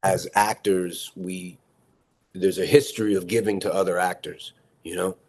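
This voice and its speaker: A middle-aged man, an actor, telling stories in a casual interview, animated and stammering, often repeating words. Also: deep voice, normal speed, a crowd in the background. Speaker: actor guest.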